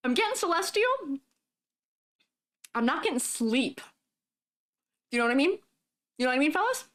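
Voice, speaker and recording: A woman livestreaming as a 3D artist, chatting casually and giggling often while reading messages from her viewers. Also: sits high. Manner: giggly, chatty, reads chat aloud; talks while eating. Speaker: streamer and 3D artist.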